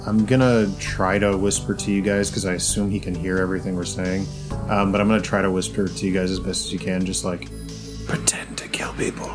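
A man's voice: low voice, level tone, quick pace, music in the background. A young man playing a tabletop game, casual and joking. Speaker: player.

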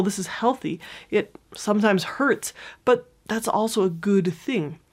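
Calm woman explaining a self-help technique, clear and gently encouraging, sounds scripted. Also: mid-range voice.

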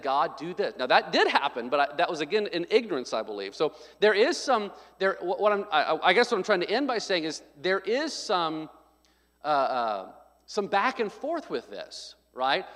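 High-voiced animated preacher in a hall. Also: male voice. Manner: emphatic, rising to loud stresses; conversational asides with restarts. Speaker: pastor. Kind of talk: sermon.

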